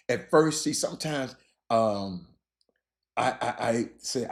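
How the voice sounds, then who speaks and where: A man hosting a casual sports talk show, rambling and repeating himself with animated bursts. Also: on the low side, a little slow, vocal fry. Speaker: show host.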